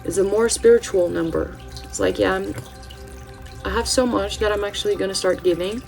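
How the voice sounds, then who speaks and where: A woman's voice: medium pitch, expressive, brisk, darkish tone, soft background music, low-quality recording. A Brazilian-born woman in her thirties, a native Portuguese speaker with a mixed British and Californian English accent, chatting casually through an oracle card reading with many ums and restarts. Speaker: channel host, spiritual card reader.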